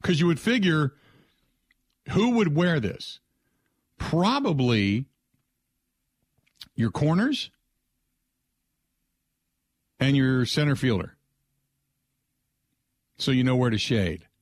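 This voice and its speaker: A man's voice: medium pitch, big pitch swings, slow pace, long pauses, dry recording. Male radio host, casual and rambling, in a dead studio. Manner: rambling, frequent restarts and filler asides. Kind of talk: casual sports talk radio.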